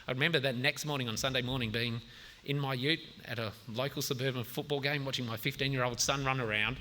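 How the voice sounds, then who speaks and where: A man's voice: mid-range voice, fairly even intonation, fast, bright, forceful tone, a little hiss or hum. A man in his forties with an Australian accent, a government minister speaking earnestly on a forum panel and explaining policy with frequent restarts. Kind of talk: public forum talk. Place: outdoor festival forum.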